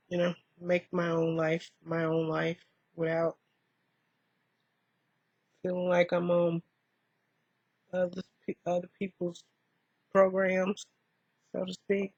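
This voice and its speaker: A woman vlogger talking softly and reflectively in a rambling way while doing her makeup, in a dull lo-fi recording. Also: on the low side, flat delivery, takes it slowly, vocal fry, pauses often, slightly rough, dry recording. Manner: soft-spoken, rambling, musing.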